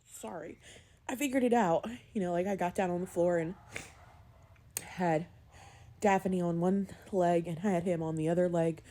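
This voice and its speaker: A woman's voice: fairly low pitch, fairly even intonation, normal speed, dark tone. A young woman vlogging candidly as a new mom, emotional and close to tears, her voice wavering and sometimes dropping to a whisper. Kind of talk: candid personal vlog.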